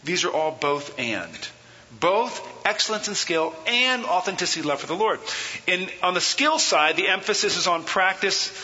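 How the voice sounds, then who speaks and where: Guy teaching a church class, bright edgy voice, reads quotes then quizzes the room, muffled hissy recording in a big echoey hall. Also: high-pitched, expressive, moderate pace. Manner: reads quotations aloud, then explains them; questions the audience and has them repeat phrases. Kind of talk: teaching a seminar on worship.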